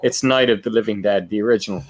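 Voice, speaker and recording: A man's voice: lowish voice, steady tone, fast. A man co-hosting a casual podcast chat, laid-back and teasing. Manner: teasing, laid-back, tells others to relax. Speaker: podcast co-host.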